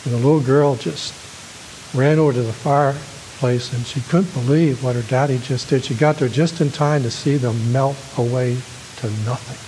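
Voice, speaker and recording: A man preaching a sermon, telling a story in a gentle storytelling manner that rises with emotion. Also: mid-range voice, fairly even intonation, moderate pace, a little hiss or hum, poor audio. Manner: gentle storytelling, rising with emotion at quoted lines. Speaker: pastor.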